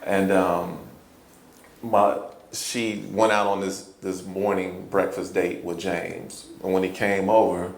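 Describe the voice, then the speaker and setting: Chicago man, deep gravelly voice, earnest halting storyteller, echoey room. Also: flat delivery. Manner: earnest, halting, repeats words, laughs often. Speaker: hip-hop poet guest. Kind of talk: personal storytelling interview. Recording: roomy echo, faint ambience.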